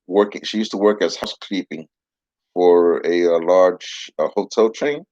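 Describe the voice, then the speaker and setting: A man's voice: sits low, normal speed, darkish tone, no room sound. A man giving a casual Bible lesson with a puppet, talking in a soothing, patient, rambling way, on a dull, dry lo-fi recording.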